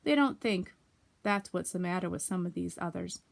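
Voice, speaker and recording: A woman voicing a gloomy old male donkey in a storybook reading, slow and grumbling. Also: on the low side, expressive, vocal fry.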